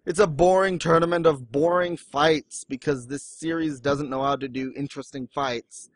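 Male podcast co-host, casual and lively, leaps into high quote voices; fairly high pitch, dry recording. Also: normal speed, no echo. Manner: animated, jumps into high exaggerated quote voices. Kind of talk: casual chat about manga.

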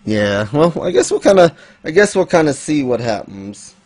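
A man's voice: fairly high pitch, sing-song, normal speed, darkish tone, no room sound. A man hosting a casual manga chat, rambling with fillers and light laughs. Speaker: podcast host.

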